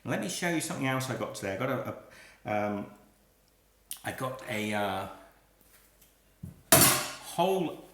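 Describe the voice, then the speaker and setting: A man's voice: fairly low pitch, expressive, brisk, roomy sound, heavy background noise. A man hosting a live cooking stream, chatting as he works and laughing at his own slip-ups, filmed on a phone on a small tripod. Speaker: cooking livestream host.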